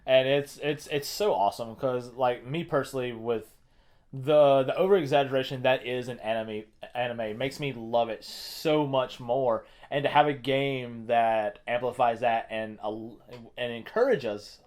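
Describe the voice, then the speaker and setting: A man's voice: mid-range voice, steady tone, measured pace, darkish tone. A man in casual chat, talking enthusiastically and a little rambling about playing a game. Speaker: co-host.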